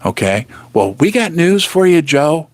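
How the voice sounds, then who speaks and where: A man hosts a casual live stream, talking in a lively, swooping voice that sits a little high. He is chatty and teasing, and sometimes drops to a whisper for effect. The sound is dry and close, with no room echo. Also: unhurried. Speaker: host of a precious-metals live stream. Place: home basement studio.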